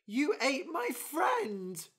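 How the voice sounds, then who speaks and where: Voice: medium pitch, very animated, takes it slowly, fairly bright tone, husky, voice pushed up, heavily acted. A storyteller voicing a tired, hard-working female bird who complains about doing too much work. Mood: distressed. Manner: indignant, complaining.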